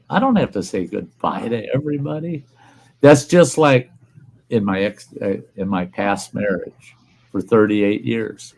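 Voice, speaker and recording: An older man, his low voice full of gravel and fry. He hosts a relaxed chat and says what he thinks with blunt, profane plainness. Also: low-quality recording. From Upper Midwest US. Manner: blunt, plainspoken, swears freely. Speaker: livestream host. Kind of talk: casual chat.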